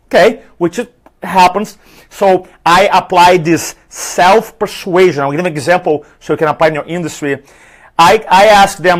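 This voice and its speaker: Seminar trainer, male, thick Spanish-tinged accent, a bit high-voiced, punchy and energetic with audience. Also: moderate pace. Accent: foreign accent, Spanish-influenced. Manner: energetic, rhetorical questions, numbered tips. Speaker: public speaking trainer. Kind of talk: live seminar talk. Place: event room with an audience.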